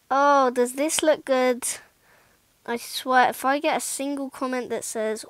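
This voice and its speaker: A woman's voice: high-pitched, very animated, unhurried, vocal fry, poor audio. A woman giving casual, rambling gameplay commentary, mocking herself and often muttering asides under her breath. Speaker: gaming YouTuber.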